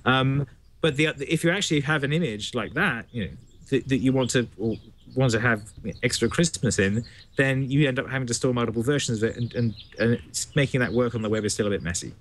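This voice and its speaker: A man talking quickly as he works through a technical explanation, circling back with hedges as he goes. A faint hiss sits under his voice. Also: mid-range voice. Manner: explains technical points in hedging, roundabout phrases. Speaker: podcast panelist. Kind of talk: casual tech discussion.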